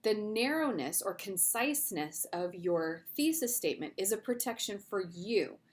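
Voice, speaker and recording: A woman's voice: medium pitch, lively intonation, moderate pace. A middle-aged woman, an English teacher, giving a recorded video lesson in a casual, conversational way with fillers and asides.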